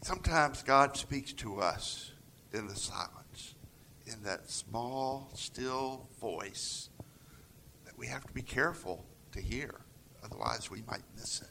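A man preaching a sermon, retelling scripture with dramatic swings from loud passages to near-whispers and acting out quoted voices. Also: slow, gravelly, slight background noise. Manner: acts out quoted voices with raised pitch. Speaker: pastor.

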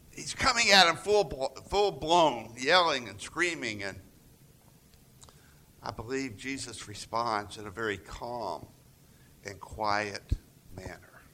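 A man preaching a sermon, retelling scripture with dramatic swings from loud passages to near-whispers and acting out quoted voices. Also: a little hiss or hum. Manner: acts out quoted voices with raised pitch. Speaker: pastor.

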